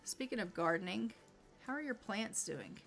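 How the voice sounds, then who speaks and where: A woman's voice: mid-range voice, lively intonation, moderate pace, gravelly, fairly bright tone. A woman hosting casual gameplay commentary, chatty and full of fillers like "like" and "um". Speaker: gaming channel host. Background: faint game music.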